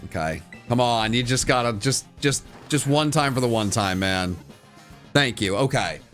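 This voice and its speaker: A man's voice: mid-range voice, expressive, moderate pace, a bit bright, faint music behind. A man streaming live to his chat, giving casual game commentary and repeating phrases as he goes. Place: home room.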